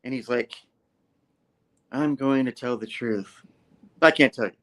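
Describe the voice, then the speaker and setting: Here a guy running a relaxed comic book review show narrates a story, darting into fast impressions of the characters. He tells it with animation, jumping upward in pitch for anyone he quotes.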